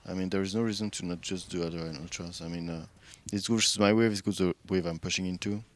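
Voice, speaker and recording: A man's voice: sits low, fairly even intonation, fast talker. A man streaming a game, chatting casually with viewers and thinking aloud about his moves, often restarting his sentences. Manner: rambling, many restarts, chats with viewers while thinking aloud. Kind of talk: casual stream chat while playing.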